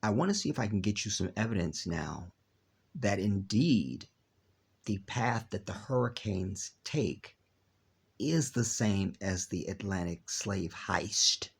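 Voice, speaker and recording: A man's voice: on the low side, animated, slow pace, gravelly, slightly rough. A man hosting his own channel, talking straight to viewers in a rambling monologue and reading text aloud while skipping parts. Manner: rambling, reads text aloud and skips with "blah, blah"; talks to viewers directly. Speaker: video channel host.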